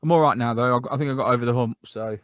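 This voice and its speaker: A man's voice: medium pitch, rapid-fire, no room sound. A British man co-hosting a comedy podcast over a video call, giving laid-back, dry replies. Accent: British English. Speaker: podcast co-host. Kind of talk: casual comedy banter.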